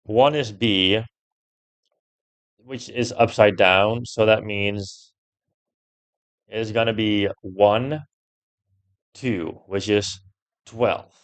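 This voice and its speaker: A young man with a fairly low voice commentates a puzzle game, working it out step by step. He swears freely and gets loudly annoyed when a puzzle beats him. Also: steady tone, very slow, long pauses. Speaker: gameplay streamer.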